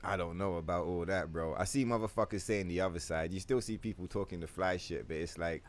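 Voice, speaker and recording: A man's voice: deep voice, fairly quick, slight background noise. A young man streaming a game, ranting casually with lots of profanity and playful mock voices. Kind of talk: casual livestream rant while gaming.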